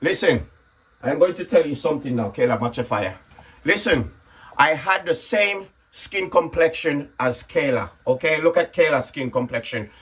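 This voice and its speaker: In his home kitchen, a comedian who vlogs about cooking chats relaxedly through a casual video, explaining each step. His voice is slightly husky and fairly high, and he's talkative, frequently tossing in a quick "okay?"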